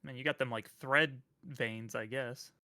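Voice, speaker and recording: Man co-host, laid-back, bright tone, jokey; casual stream chat. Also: medium pitch, steady tone, a little slow. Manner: laid-back, laughs at his own jokes.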